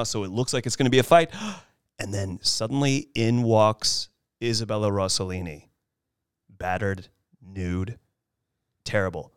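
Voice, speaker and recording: A man in casual podcast talk about a film, animated and acting out lines from scenes. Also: normal speed, smooth, no echo, clean studio sound. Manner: animated, acts out film lines in high voices. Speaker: podcast host.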